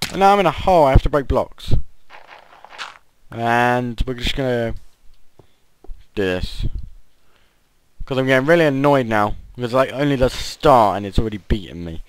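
A man's voice: mid-range voice, lively intonation, normal speed, long pauses, smooth, no echo. A man giving casual gameplay commentary, often groaning and yelping in frustration. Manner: frustrated, yelps and groans at failed jumps. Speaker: gaming channel host.

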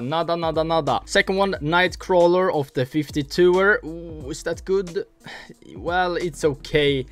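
A young man giving profane, excitable commentary while opening cases on a gambling site, swinging between hype and grumbling. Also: a little high. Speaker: gaming streamer.

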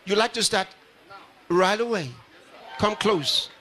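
In a large ceremony hall, a pastor speaks to a live audience in a high-pitched, bright, forceful voice at a slow pace. He repeats his phrases and puts questions straight to the crowd.

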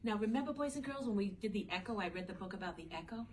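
During a children's storytime, a teacher reads a picture book in a playful, sing-song manner and often turns to talk straight to the kids. She speaks fast in a mid-range, slightly mellow voice with lively intonation, recorded from a distance with faint ambience and a little hiss or hum.

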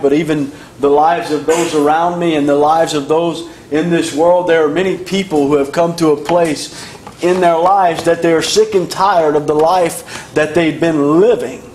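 A man's voice: fairly high pitch, a little hiss or hum. A man preaching a sermon, emphatic and repetitive in his cadence. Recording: echoey room.

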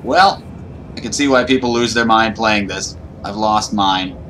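A man's voice: lowish voice, a little slow, bright, forceful tone, a little hiss or hum. A man giving nervous, panicky running commentary while playing a horror game. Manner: nervous, panicky self-talk. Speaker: gaming YouTuber.

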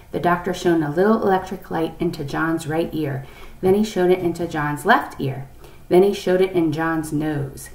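A woman's voice: deep voice, normal speed, recorded from a distance. Woman reading a children's book aloud. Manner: expressive, lively character voices. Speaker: reader. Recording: echoey room, off-mic.

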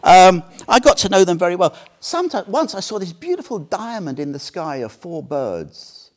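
A man in his seventies giving an anecdotal Buddhist dharma talk as a teacher, animated and often checking in with "yeah?". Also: high-pitched, moderate pace. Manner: animated storyteller, tags sentences with "yeah?".

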